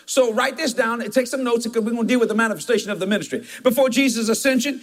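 A pastor delivers a sermon in a notably high voice. He mixes firm declarations with folksy, chuckling storytelling and emphatic asides to his congregation. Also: quick pace, hardly any pauses.

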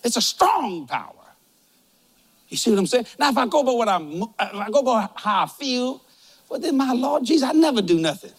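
A man's voice: extremely high pitch, big pitch swings, normal speed, breathy edge. An older man preaching a humorous sermon in a folksy, joking, storytelling way.

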